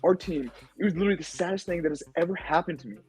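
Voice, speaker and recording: A young man talking as a podcast guest, telling his story in an animated, casual way, full of "like" and "dude". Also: racing, breathy edge, rough recording. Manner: animated storytelling, acts out quotes in high voices; says "like" and "dude" a lot. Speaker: podcast guest, former contestant.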